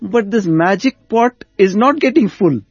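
Brief: lively male storyteller, somewhat high voice, dull dry recording. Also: measured pace, slightly rough, dry recording. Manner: animated storyteller. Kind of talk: storytelling in spiritual conversation.

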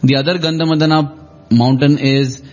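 A man's voice: on the high side, steady tone, moderate pace, darkish tone, lo-fi sound. A man in a devotional discussion, retelling scenes reflectively and acting out quoted lines with shifting emphasis.

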